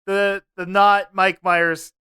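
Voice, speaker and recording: A man's voice: high-pitched, level tone, takes it slowly, sharp tone, clean tone, no echo, studio quality. A young man co-hosting a podcast in casual chat, laughing often and trailing off as he searches for names. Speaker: podcast co-host.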